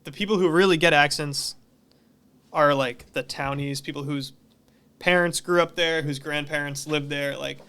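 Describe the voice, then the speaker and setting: A man's voice: on the high side, steady tone, normal speed, pushed and bright, smooth. A man from the Boston area, a musician guest on a podcast, talking casually in a rambling way with many fillers. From Massachusetts, near Boston.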